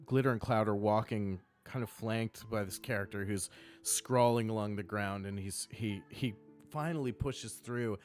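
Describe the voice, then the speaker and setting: A man with a fairly low voice narrating a tabletop game as game master. He talks in a relaxed, easygoing way, with laughing asides and restarts, and faint music plays behind him. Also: moderate pace.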